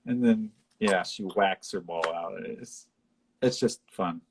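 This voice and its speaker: Husky man chatting casually about a film. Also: slow pace. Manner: animated retelling, acts out lines in high voices. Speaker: podcast co-host.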